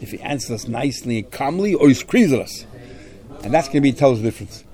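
A man's voice: mid-range voice, animated, fast, mellow. A man teaching a Talmud lesson, explaining step by step and weaving Aramaic and Hebrew terms into his English. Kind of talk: Talmud study lecture.

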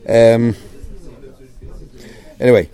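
A man's voice: medium pitch, steady tone, drawn-out words, dark tone. A man teaching a Talmud class, reading phrases in the original and then explaining them in English.

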